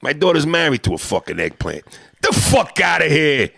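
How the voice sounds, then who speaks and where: A man's voice: on the high side, sing-song, moderate pace, gravelly, a bit bright, husky, no echo, clean studio sound, voice pushed up, exaggerated voice. A man voicing a crude, blunt old-school Italian-American man with a New York Italian-American accent, profane and brash. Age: older.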